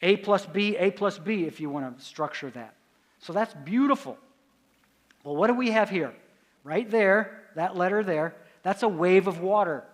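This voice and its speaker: A man delivers a lecture at a conference in a high, light voice. He keeps quizzing his listeners and then answers his own questions. His words echo with a long reverb through a large hall. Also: expressive, normal speed. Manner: asks the audience quiz questions and answers them himself.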